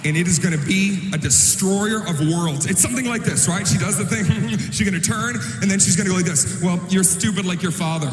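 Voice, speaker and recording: A man performing a stand-up comedy routine, loud and animated, often shouting his punchlines. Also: high voice, fairly quick, few pauses, faint music behind. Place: large comedy venue on stage. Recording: live stand-up clip, echoey hall, audience noise.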